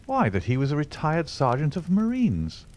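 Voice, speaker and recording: A man's voice: a little high, wildly swooping pitch, moderate pace, a little mellow, slight background noise, voice pushed up. A man reading aloud and voicing an earnest, easily impressed male companion who talks in an eager, exclaiming way.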